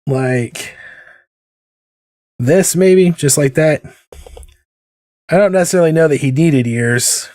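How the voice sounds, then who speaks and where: On a clean studio recording with no echo, an artist streaming a drawing session chats casually as he draws. His voice is fairly high with a darkish tone, and he talks slowly, pausing often, rambling off on tangents and mocking himself.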